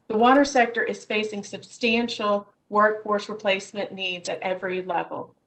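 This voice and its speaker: Speaking from her office by video link, a woman gives remote testimony to a Senate hearing, reading her prepared statement in measured tones. Her voice is medium in pitch, captured in a low-quality recording.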